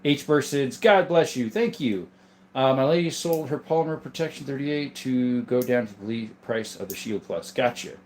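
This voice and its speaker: A man's voice: medium pitch, moderate pace, a little mellow, a little hiss or hum. Easygoing guy in his 30s, medium voice, chatting away on a livestream, thanking folks in the chat. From southern Arizona, USA. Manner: laid-back, chatty, greets viewers by name. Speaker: livestream host and gun collector. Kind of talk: casual livestream chat reading comments.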